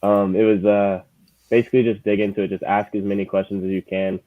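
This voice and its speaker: A man in his twenties, a guest lead manager, talking in a relaxed, halting way with many fillers. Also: lowish voice, no echo. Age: 20s. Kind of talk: casual chat. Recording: tinny phone-like call audio.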